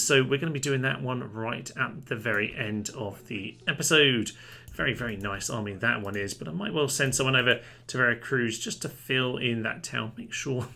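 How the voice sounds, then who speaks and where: A man's voice: medium pitch, vocal fry, bright, forceful tone. A man giving chatty, wry commentary as host of a strategy game playthrough. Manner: chatty, wry, dry humour. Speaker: let's play host.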